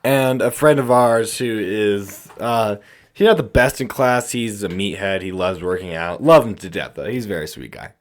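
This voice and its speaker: A man's voice: on the low side, moderate pace. A man co-hosting a podcast, telling school stories in casual chat and acting out what people said. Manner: animated storyteller, acts out quotes. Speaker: podcast co-host.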